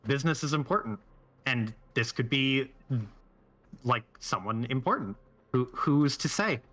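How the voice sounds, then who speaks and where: A man's voice: mid-range voice, lively intonation, unhurried, bright, forceful tone. A man voicing an evasive male spacer in a tabletop game, bluffing with mock confidence.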